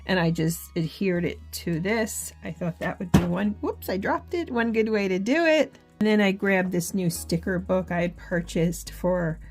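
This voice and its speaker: A woman with a somewhat low voice talks gently and earnestly while she works on a faith journal. She chats casually to her viewers, with soft laughs and little fillers along the way. Quiet music plays faintly underneath. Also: steady tone, normal speed, hardly any pauses. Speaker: faith journaling channel host.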